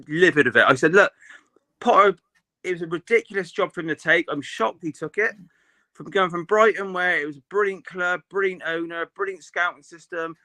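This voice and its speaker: A man's voice: high voice, bright, forceful tone, dry recording. A man, co-hosting a casual football chat, opinionated and rambling with many restarts. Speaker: podcast co-host.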